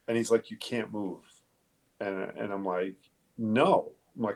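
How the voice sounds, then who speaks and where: In a relaxed interview, a middle-aged Long Island, New York man who works as a police detective tells his story with a fairly low voice. He speaks haltingly and profanely, restarting often and leaning on fillers.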